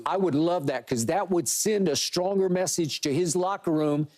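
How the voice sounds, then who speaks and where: A man's voice: fairly high pitch, moderate pace, few pauses, a little mellow. An older man hosting a sports talk show, arguing his point emphatically and leaning on stories from years of covering the game. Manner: emphatic, argumentative, tells old stories. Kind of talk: heated sports debate.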